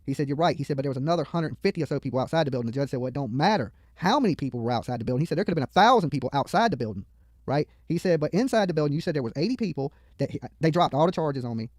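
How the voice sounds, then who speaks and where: A man's voice: on the high side, animated, rapid-fire, a little mellow, no echo. A man giving profane, mocking live commentary on a video from a studio, heckling the people on screen and rambling into stories.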